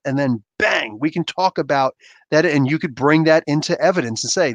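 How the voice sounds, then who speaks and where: A man's voice: on the high side, moderate pace, dry recording. A man hosting a comic book podcast, chatting casually and animatedly with rambling asides and laughs. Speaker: podcast host. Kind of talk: casual chat answering viewer questions.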